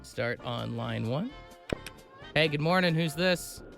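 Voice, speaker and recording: A man's voice: fairly high pitch, expressive, slow pace, vocal fry, over music. A man co-hosting a morning radio show, running a call-in game and reading listener texts in upbeat, casual banter.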